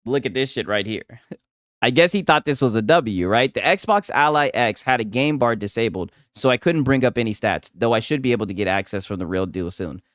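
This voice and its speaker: Mocking, profane man with lively pitch. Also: a little fast, no room sound, studio quality. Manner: profane, mocking, keeps asking "right?". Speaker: gaming commentary streamer. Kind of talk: casual reaction commentary.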